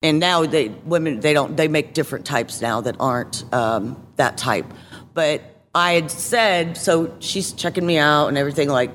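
A woman guest telling her own story in a casual interview, candid and halting, with many fillers and restarts. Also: deep voice, a bit bright, long reverb tail, slight background noise.

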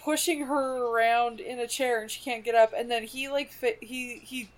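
A woman's voice: a little high, steady tone, moderate pace, low-quality recording. A woman in a casual film chat, hesitant and peppering her talk with "like". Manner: lots of "like", hesitant, rising tone.

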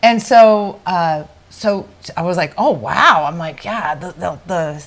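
Animated woman telling a story. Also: fairly low pitch, a little slow. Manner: animated, acts out quoted voices, many restarts. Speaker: podcast co-host. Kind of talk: casual storytelling chat.

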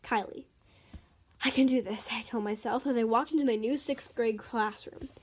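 A woman's voice: a little high, normal speed, slightly rough. A young woman reading her own stories aloud in a chatty way, breaking off for giggly asides. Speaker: storyteller.

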